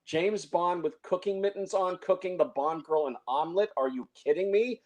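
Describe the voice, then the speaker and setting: A man with a somewhat high voice talks through a film review in loose, conversational chat. He is opinionated and stumbles often, repeating words and restarting his sentences. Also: darkish tone. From San Francisco Bay Area. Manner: halting, many restarts and fillers, opinionated.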